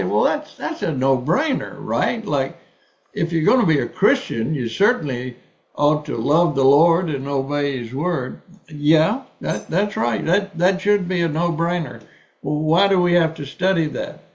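A man's voice: a little high, vocal fry, a little mellow. A man preaching a sermon, earnest, often repeating words as he restarts. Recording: dull lo-fi sound.

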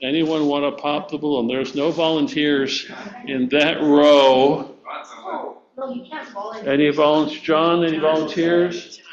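With crowd noise around him, a man whose voice is a little high, slow and fairly flat in pitch guides church children through a memory verse. He keeps encouraging and coaxing them to say it together, on a dull lo-fi recording.

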